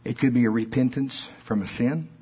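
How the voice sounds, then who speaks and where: A man preaching a folksy, animated sermon that rises to shouts at its peaks. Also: medium pitch, brisk, husky. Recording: dull lo-fi recording.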